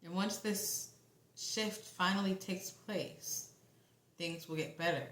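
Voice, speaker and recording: A woman's voice: fairly low pitch, steady tone, fairly bright tone. Rambling woman reading tarot, echoey room. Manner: rambling, halting, with casual swearing. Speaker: tarot reader. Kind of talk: casual tarot reading monologue.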